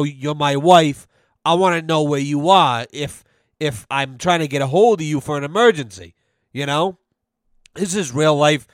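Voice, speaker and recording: A man hosts a casual podcast, swearing freely and telling stories with a sarcastic edge. His voice sits a little high. The sound is dry and close to the microphone. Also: no room sound. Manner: profane, sarcastic storytelling. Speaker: podcast host.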